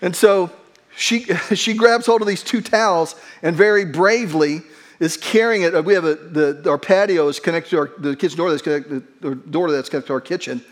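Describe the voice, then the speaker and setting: A middle-aged male pastor with a fairly high voice gives a relaxed, conversational sermon. He tells a funny personal story and pokes fun at himself in an earnest way. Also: moderate pace.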